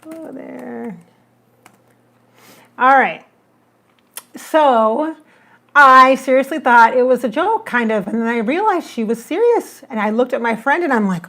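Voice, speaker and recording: Psychic lady chatting on a livestream, a bit high-voiced, acts out what she said. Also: measured pace, gravelly, pauses often. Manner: animated, acts out her own remarks in the retelling. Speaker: psychic medium. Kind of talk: casual livestream storytelling.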